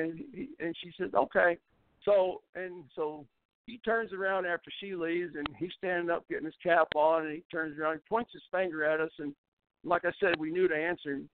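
An older man with a drawl tells long, rambling farm stories and keeps restarting his sentences. His voice sits high for a man. He is heard over a tinny phone line. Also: slight background noise. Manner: rambling folksy storyteller, frequent restarts, laughs at his own tales. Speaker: interview guest, former baseball pitcher. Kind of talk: storytelling in a casual interview.

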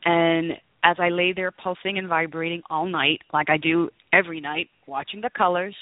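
A woman's voice: lowish voice, steady tone, moderate pace, dry recording. A woman, a guest author, telling personal stories in an earnest, exclamatory way during an interview. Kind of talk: storytelling interview talk. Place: in Las Vegas. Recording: tinny phone line, dry.

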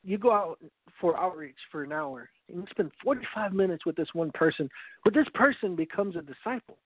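A man's voice: high voice, lively intonation, a little fast, dry recording. A man giving an earnest evangelistic teaching, telling a story with frequent restarts. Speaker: preacher. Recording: dry, phone-like narrow sound.

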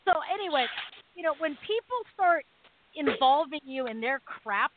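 A woman's voice: high voice, normal speed, noisy background. Woman storytelling over a phone line. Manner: animated storytelling, acts out quoted voices. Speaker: radio show co-host. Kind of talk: casual storytelling on talk radio. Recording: dry phone-line audio.

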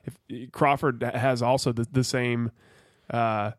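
A man's voice: medium pitch, level tone, measured pace, dry recording, clean studio sound. Loose, profane male podcast co-host. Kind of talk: casual chat.

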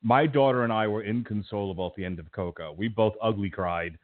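Middle-aged man, podcast host, low voice, rambling chat, tinny phone-quality line. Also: brisk. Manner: stumbling, rambling storyteller with many restarts. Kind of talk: casual chat.

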